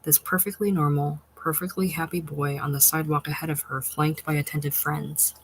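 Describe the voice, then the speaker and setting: A narrator reading a literary short story in a measured, unhurried and expressive way. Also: medium pitch, slight background noise, rough recording.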